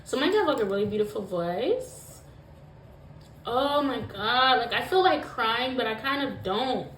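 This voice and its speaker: A fairly high-voiced woman reads tarot cards for her viewers, and she talks slowly and emphatically. She swears freely and fills her talk with "like". Her voice rings in an echoey room over a faint background hiss. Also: animated, a bit bright. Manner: emotional, emphatic, swears often, many fillers. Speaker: tarot reader. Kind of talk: pick-a-pile tarot reading to viewers.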